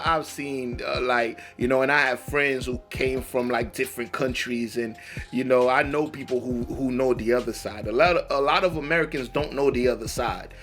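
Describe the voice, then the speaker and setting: Reaction host, male, bright and forceful tone, loose slangy rambling commentary. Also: medium pitch. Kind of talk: casual commentary.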